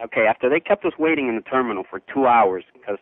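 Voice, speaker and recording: A man's voice: medium pitch, lively intonation, quick pace, no echo. A man calling into a radio talk show to tell an aggrieved story, chatty and rambling. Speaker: caller. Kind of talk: telling a story on a call-in show. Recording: tinny phone line.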